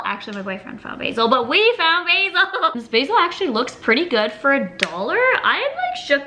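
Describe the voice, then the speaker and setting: Woman vlogger, slightly high voice, bubbly and giggly, cooking and chatting at home. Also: noisy background. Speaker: food vlogger. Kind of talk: casual chatty vlog. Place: home kitchen.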